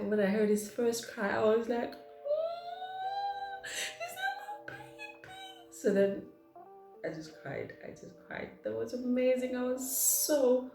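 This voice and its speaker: This South African vlogger, whose first language is Zulu, has a mid-range, somewhat dark voice. In a casual get-to-know-me Q&A, she chats and rambles, reading each question aloud before answering. Her echoey room carries faint music in the background.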